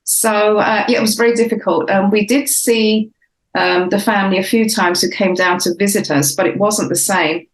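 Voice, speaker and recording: A reflective woman in her sixties whose English speech still carries traces of Cockney. She talks at a middle pitch and pauses often on fillers. The sound is a little roomy. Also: steady tone. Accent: English, faded Cockney. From Southeast London, England. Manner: reflective, many fillers and restarts. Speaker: author and guest. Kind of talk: casual interview talk.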